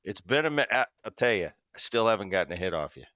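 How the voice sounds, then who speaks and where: Man, podcast host, casual interview chat, somewhat low voice, dry studio sound. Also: fast talker, dry recording. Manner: storytelling, animated quoting.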